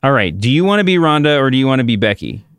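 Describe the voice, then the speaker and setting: Man with a smooth voice, rambling podcast host. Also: mid-range voice, big pitch swings, rapid-fire, fairly bright tone, no echo, studio quality. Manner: rambling, self-interrupting. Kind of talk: casual podcast chat.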